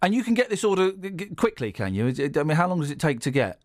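Excitable radio host, lively pitch. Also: male voice, no echo, clean studio sound. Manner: joking, excitable, quick to exclaim. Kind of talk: casual radio banter. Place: radio studio. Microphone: studio microphone.

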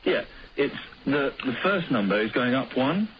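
A man's voice: mid-range voice, very animated, normal speed, pitched below the performer's own voice, close to an everyday voice. A man putting on a dim, eager posh caller. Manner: rambling, repetitive, over-enthusiastic. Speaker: prank caller. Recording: lo-fi old radio recording with hiss.

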